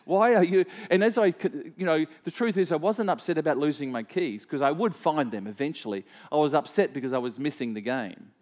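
Pastor guy preaching, kinda high voice, chatty, lots of um and you know, asks the crowd stuff. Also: animated, brisk, hardly any pauses, a little mellow. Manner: conversational, rhetorical questions to the congregation; personal anecdotes, frequent repeats and fillers. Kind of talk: sermon.

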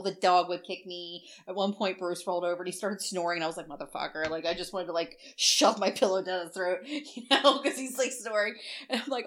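A middle-aged woman co-hosts a loose, casual podcast. Her voice is bright and clear at an ordinary pitch, and she rambles through stories, swearing freely and laughing along the way. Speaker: podcast co-host. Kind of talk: casual chat.

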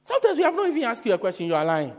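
A male pastor preaching in a big, echoing church hall. His voice sits very high, and his pitch swings widely as he jokes with the crowd. He acts out little quotes and breaks into sudden shouts. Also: very fast. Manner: animated and joking, with acted-out quotes and sudden shouts. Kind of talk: lively sermon. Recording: reverberant hall.

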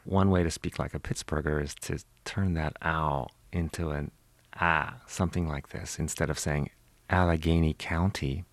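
Deep-voiced professor explaining, dry studio sound. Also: male voice, fairly even intonation, no echo. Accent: Western Pennsylvania. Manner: measured, lecturing, demonstrates speech sounds. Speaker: linguistics professor, interview guest. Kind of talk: explanatory interview answers. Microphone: studio microphone, close.

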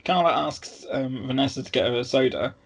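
Gravelly guy rambling casually about a movie, lots of ums. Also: mid-range voice, a little fast, poor audio. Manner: chatty, hesitant with many fillers. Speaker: podcast co-host. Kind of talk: casual film review chat.

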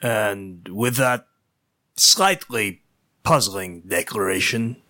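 Slow deliberate guy doing mock serious narration, bright tone. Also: on the low side, no echo. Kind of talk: mock-solemn storybook narration.

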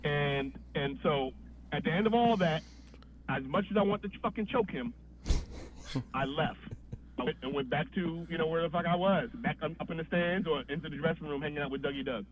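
A man's voice: fairly high pitch, moderate pace, dull audio, crowd noise. A man, a podcast guest, telling a long story in a loose, profane way, often restarting his sentences. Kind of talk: casual storytelling.

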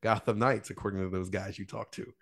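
Male host, low voice, easygoing banter, quick to laugh. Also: steady tone, slight background noise. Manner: laid-back, laughs often. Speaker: podcast host. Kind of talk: casual chat.

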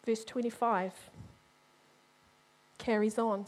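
A middle-aged woman preaching a sermon, animated and humorous, speaking straight to the congregation. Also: sits high, normal speed.

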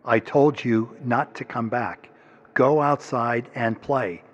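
A man voicing a cold, dismissive woman who speaks slowly and curtly. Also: medium pitch, dull audio. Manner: flat, slow, curt. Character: gruff aunt or stepmother, cold and dismissive. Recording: music bed underneath.

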